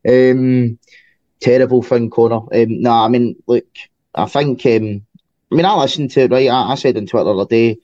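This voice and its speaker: A Scottish man co-hosting a football podcast as a fan, chatting in a relaxed way with lots of fillers. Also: mid-range voice, no room sound, lo-fi sound. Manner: relaxed, filler-heavy chat. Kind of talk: casual football chat.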